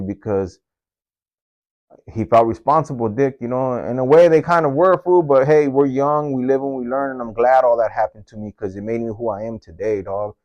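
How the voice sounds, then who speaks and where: A man's voice: medium pitch, moderate pace, darkish tone, dull audio. A man, casually telling a personal story in street slang, tagging his phrases with homie, dog and fool.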